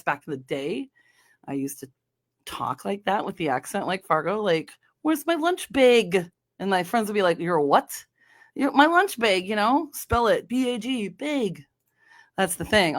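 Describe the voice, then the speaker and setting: A woman from North Dakota hosts her own podcast, chatting on her own. She rambles along casually, restarting sentences and filling pauses with ums and you-knows. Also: medium pitch, fairly bright tone. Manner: chatty, meandering, many fillers and restarts. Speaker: podcast host. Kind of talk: casual solo podcast chat.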